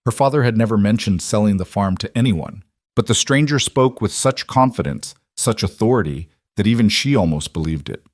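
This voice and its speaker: A man narrating a western story in a steady, dramatic storytelling manner. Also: fairly low pitch, fairly quick, no echo, clean studio sound.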